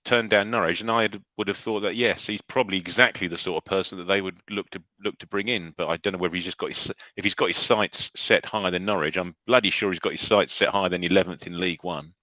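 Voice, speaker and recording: A man's voice: sits low, fairly even intonation, quick pace, few pauses, pushed and bright, dry recording, low-quality recording. A man from England co-hosting a fan podcast, giving hedged, thoughtful takes with the odd mild swear. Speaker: podcast co-host. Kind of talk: live reaction chat.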